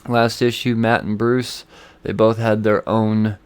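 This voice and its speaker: A man hosting a solo podcast, talking in a casual, rambling, excitable way with plenty of swearing. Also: on the low side, measured pace, clear, resonant tone. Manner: rambling, excitable, profane, full of fillers. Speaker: comic book podcast host.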